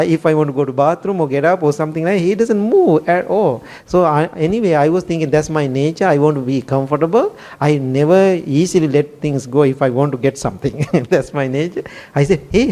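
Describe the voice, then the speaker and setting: A man's voice: on the high side, brisk, dark tone. A man, a Buddhist monk, telling stories in a sermon with frequent laughs, non-native grammar and repeated "right?" checks to the listeners. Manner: rhetorical "right?" after many phrases. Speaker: Buddhist monk, temple chief monk. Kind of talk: storytelling sermon.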